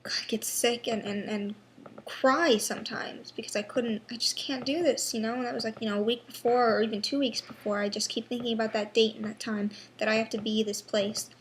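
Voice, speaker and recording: A young woman in a personal vlog, talking haltingly with many pauses and restarts, sounding frustrated and worn down. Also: a little high, steady tone, slight background noise. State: unwell. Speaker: vlogger.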